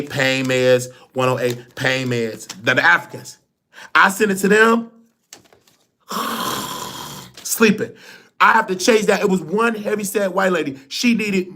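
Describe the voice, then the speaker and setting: A man hosting a live stream show, telling a personal story in an animated, colloquial and emotional way. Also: high-pitched, a little slow, long pauses. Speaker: livestream show host.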